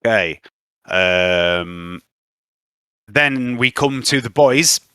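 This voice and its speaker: Man, game master, bright voice, relaxed chatty delivery. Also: on the low side, extremely slow, smooth, no room sound. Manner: chatty, easygoing, with long anecdotes. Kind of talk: running a tabletop game over casual chat.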